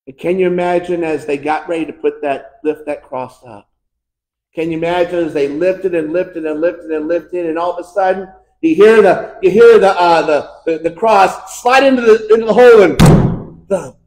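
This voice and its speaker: An American pastor preaching a fervent sermon, swinging between shouted climaxes and hushed, quiet lines. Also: male voice, high voice, normal speed. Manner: impassioned preaching, building to shouts and dropping to hushed tones. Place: church sanctuary. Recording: echoey church room.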